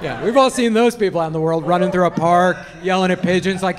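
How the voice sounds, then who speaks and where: A man's voice: high-pitched, quick pace. A man doing a stand-up comedy set on stage, brash and profane, telling punchy stories into a handheld mic. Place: comedy club stage before a laughing audience. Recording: noisy live club recording. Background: audience laughter.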